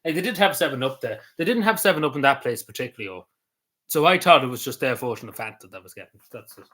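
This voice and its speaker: An Irish man chatting away on a casual stream at an ordinary, mid-range pitch. He meanders from point to point, with plenty of ums and likes. His speech is loose and unscripted. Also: lively intonation, quick pace, fairly bright tone. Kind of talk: casual rambling chat.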